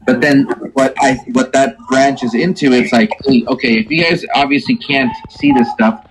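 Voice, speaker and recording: Husky guy thinking out loud about a game, lots of i mean, you know. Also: medium pitch, steady tone, normal speed, low-quality recording. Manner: thoughtful, hesitant, many fillers. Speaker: player on a gaming stream. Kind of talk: casual chat.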